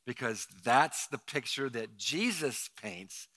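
A middle-aged male pastor telling a story in his sermon, animated and acting out the quotes with sudden loud outbursts. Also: medium pitch, slow.

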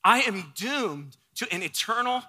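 A man preaching in an earnest, explanatory way and putting questions to his listeners. His voice sits very high and sounds very bright and sharp. A long reverb trails each phrase, as in a church hall. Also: lively intonation, a little slow. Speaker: pastor. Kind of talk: sermon.

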